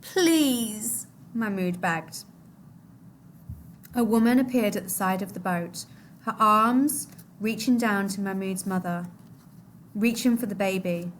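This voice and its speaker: A woman reading a novel aloud to a class, expressive, her voice dropping low and soft at the sad moments. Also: normal speed, slight background noise.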